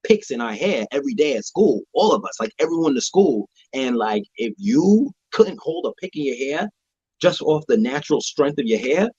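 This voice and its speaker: A man's voice: a little high, sing-song, normal speed, warm tone, slightly rough, dry recording. A young adult man on a podcast, reminiscing in a casual, conversational way and leaning on "like" as a filler. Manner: conversational storytelling, many "like" fillers. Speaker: podcast co-host. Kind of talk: casual chat. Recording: dull lo-fi sound.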